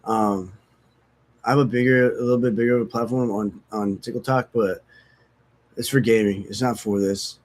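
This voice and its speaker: A man's voice: fairly low pitch, fairly even intonation, normal speed, darkish tone. A man talking candidly and casually about recovery, frank and profane, rambling and self-mocking, sniffly from opiate withdrawal. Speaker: recovery vlogger. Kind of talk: casual candid talk to camera.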